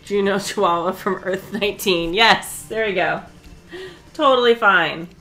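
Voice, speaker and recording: A woman's voice: mid-range voice, measured pace, a bit bright, soft background music. A woman chatting casually on a live stream while she sews, talkative and often breaking into laughter.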